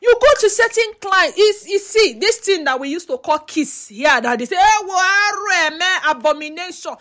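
A woman's voice: extremely high pitch, sing-song, normal speed, fairly bright tone. A Nigerian woman giving chatty vlog commentary, mixing in pidgin and throwing out rhetorical questions. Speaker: social media commentator.

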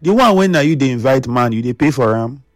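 A man's voice: medium pitch, lively intonation, quick pace, no room sound, studio quality. A Nigerian man hosting a radio talk show, lecturing his listeners in a scolding, preachy way and mixing in pidgin.

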